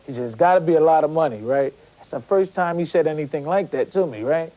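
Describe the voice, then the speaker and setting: A man's voice: on the high side, fast talker, warm tone, rough recording. A man, a former boxer, telling his story in an interview. He stumbles and repeats words as he acts out what people said to him.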